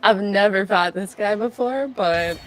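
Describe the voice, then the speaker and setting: Slow-talking woman, mic set far away. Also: medium pitch. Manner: playful, laughs easily. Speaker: co-player. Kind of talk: casual gaming chat.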